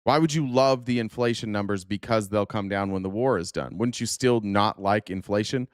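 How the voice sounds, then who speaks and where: A man's voice: lowish voice, normal speed, clear, resonant tone, dry recording, clean studio sound. A man hosting a live political commentary stream, ranting at his chat in a heated, profane and sarcastic way.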